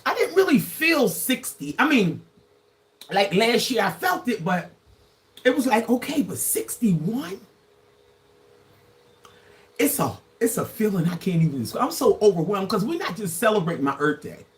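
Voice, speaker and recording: A woman's voice: mid-range voice, very animated, normal speed, long pauses. A woman about to turn sixty-one, chatting playfully with viewers on a casual livestream and laughing often. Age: 60s. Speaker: livestream host. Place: indoors, live from Grenada.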